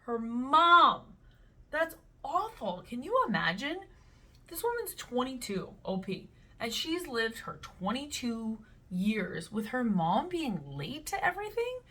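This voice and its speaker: A young woman in her twenties hosting a casual reaction video, talking in a blunt, animated way and reading posts aloud. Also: on the high side, takes it slowly, husky. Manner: blunt and animated, with playful voices.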